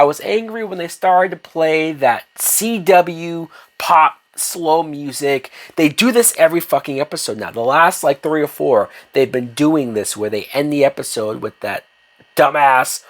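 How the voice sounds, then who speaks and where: A man's voice: on the high side, expressive, a little slow. Man, TV reviewer, ranting video review, sarcastic, swears a lot, fed-up tone. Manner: sarcastic, profane and exasperated. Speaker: TV episode reviewer.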